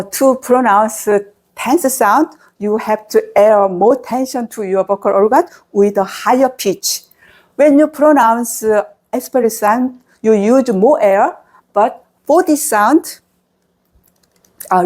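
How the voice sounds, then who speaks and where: A woman with a Korean accent, a native Korean speaker, teaching pronunciation to a class, slowly modeling sounds and praising her students. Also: medium pitch, a little mellow.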